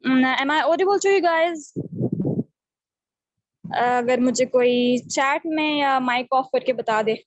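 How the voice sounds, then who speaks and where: A young woman from Pakistan runs an online English class over a video call, her voice high and the sound dry and close. She moves between English and Urdu and fills her pauses with "uh" and "you know.". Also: no echo, muffled recording. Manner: switches between English and Urdu, many fillers.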